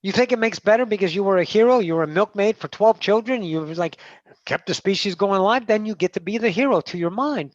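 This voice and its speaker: A woman's voice: medium pitch, no room sound. Woman channeler, profane and emphatic teaching style, dull dry video call audio. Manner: addresses listeners as masters.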